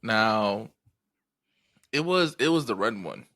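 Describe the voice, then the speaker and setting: A man in his twenties telling a story in casual podcast chat, animated and profane as he acts out the people he quotes. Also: on the low side, slow. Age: 20s. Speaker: podcast co-host.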